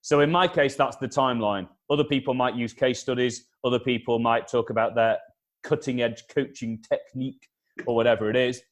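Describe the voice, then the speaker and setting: A man, a communication consultant, giving animated advice in an interview, repeating his key points and acting out past conversations. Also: medium pitch, a little fast. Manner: energetic, repeats key points, acts out dialogue. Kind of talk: animated advice with acted-out anecdotes.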